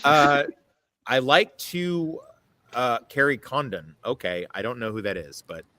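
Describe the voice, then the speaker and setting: A man's voice: medium pitch, measured pace, sharp tone. A man hosting a casual streamed chat, joking and hesitant with many ums. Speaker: host.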